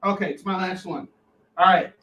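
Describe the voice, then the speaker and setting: A man co-hosting a live comic shop sales show, pitching deals in an excitable, loud way and shouting catchphrases. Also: normal speed, roomy sound, dull audio, slight background noise.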